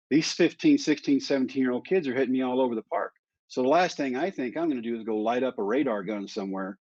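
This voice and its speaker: Give me a man in his fifties telling a lively story as an interview guest, in a dry, slightly muffled recording. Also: medium pitch, fast talker, dry recording. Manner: lively storyteller, acts out dialogue. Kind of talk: candid storytelling in conversation. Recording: dry, slightly dull sound.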